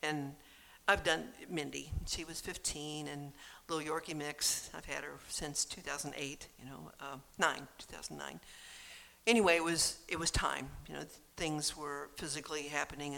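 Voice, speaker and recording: A speaker giving a gentle, earnest and reflective personal talk. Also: mid-range voice, creaky.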